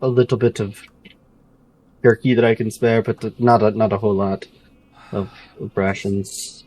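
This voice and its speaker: A man's voice: lowish voice, steady tone, normal speed, a little mellow, rough recording. Polite, hesitant male player. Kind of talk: casual tabletop play.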